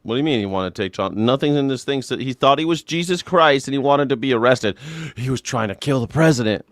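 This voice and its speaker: A man's voice: mid-range voice, fast talker, no room sound. Sarcastic, profane man ranting live. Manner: sarcastic, profane, mocking voices. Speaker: live show host. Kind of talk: comedic political rant with chat callouts.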